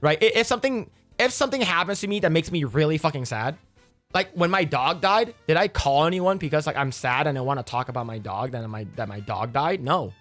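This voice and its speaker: A young man rants through casual commentary, cursing and getting heated as he goes. His voice sits a little high for a man. Faint music runs quietly behind him. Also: fairly quick. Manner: profane, ranting, animated.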